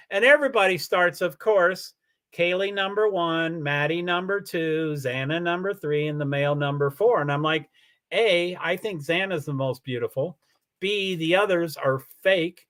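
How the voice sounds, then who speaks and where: A man's voice: a little high, moderate pace, a bit bright. A man hosting a casual livestream, answering viewer comments in a rambling way with many restarts. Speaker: livestream host.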